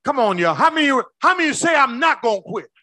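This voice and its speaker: Preaching quickly in a sing-song way, a man with a bright, high voice alternates between booming cries and almost-whispers as he calls to his congregation. The recording is close-miked and dry, without any room sound.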